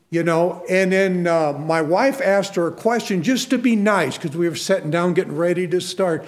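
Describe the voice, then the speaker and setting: Fervent, folksy preaching man with a higher voice. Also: moderate pace, hardly any pauses. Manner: fervent, folksy storytelling with emphatic exhortations. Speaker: Christian minister. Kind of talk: preaching testimony and closing prayer.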